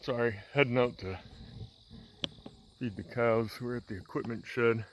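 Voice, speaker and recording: An unhurried, medium-pitched male voice, with a little hiss or hum, comes from a farmer vlogger walking outdoors with a handheld camera. He chats casually about his chores, rambling in a relaxed way with lots of fillers and restarts.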